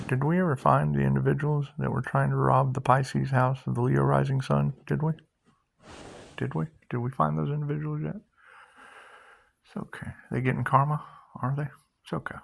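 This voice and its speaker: A man hosting a loose, repetitive spiritual monologue, laughing often and swearing, sometimes dropping to a hushed guiding tone. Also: mid-range voice, creaky. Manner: drops to a hushed guiding tone for meditation cues. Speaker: spiritual video host.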